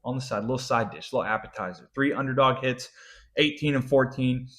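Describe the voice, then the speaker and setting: A man's voice: mid-range voice, brisk. A young man hosting a casual sports betting show, talking picks with frequent swearing and heated rants. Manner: profane, ranting, animated. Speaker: sports betting podcast host.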